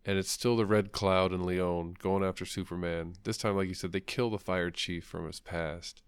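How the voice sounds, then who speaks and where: A man's voice: low-pitched, steady tone, normal speed, clear, resonant tone, no echo. A man talking casually about comics, blunt and rambling, swearing freely. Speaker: comic book podcast co-host. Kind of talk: casual chat.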